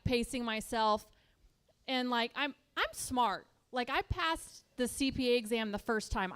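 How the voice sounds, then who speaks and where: A woman's voice: a little high, fairly bright tone, clean tone. A young woman doing a stand-up set on a club stage, chatty and self-deprecating, full of "like". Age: young adult. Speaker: stand-up comedian. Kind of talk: stand-up routine.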